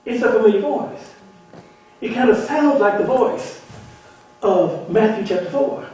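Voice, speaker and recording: Man preaching a sermon, high voice, heard from across an echoing church hall. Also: expressive, measured pace. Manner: call-and-response preaching, repeats words, builds to shouts. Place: church sanctuary. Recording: echoey church hall from far off.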